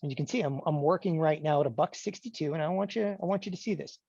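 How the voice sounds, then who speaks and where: Energetic middle-aged male trading coach for a webinar, dry and slightly dull lo-fi sound. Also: a little high, quick pace, vocal fry, breathy edge, dry recording. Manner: energetic, emphatic, mock-panicked asides. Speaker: trading educator. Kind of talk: live webinar screen-share demo.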